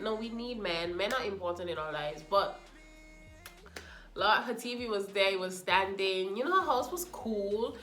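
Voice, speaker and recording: A woman's voice: mid-range voice, normal speed, echoey room. Sassy woman reviewing a show. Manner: animated, sassy, talks to the cast directly. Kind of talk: casual review chat.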